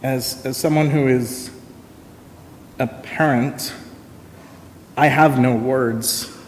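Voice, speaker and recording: A man giving a sermon as minister, in a slow, reflective, pausing storytelling manner. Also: mid-range voice, fairly even intonation, slight background noise. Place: church sanctuary. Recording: long reverb of a church sanctuary.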